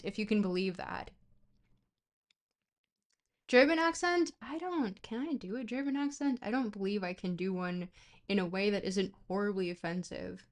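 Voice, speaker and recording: A young woman on a live stream reads dense philosophy aloud at a middling pitch, tripping over words and backing up to fix them. Between passages she chats loosely with her viewers. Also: normal speed. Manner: stumbling, self-correcting reader; chatty asides to chat between passages. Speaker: streamer reading a book aloud. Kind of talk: casual live-stream reading and chat.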